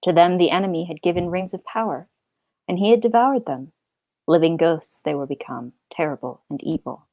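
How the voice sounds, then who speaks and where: A woman reading aloud a book passage spoken by a solemn male captain, in a grave, measured way. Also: lowish voice, animated, mellow, dry recording, voice pushed down. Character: solemn male captain telling old lore.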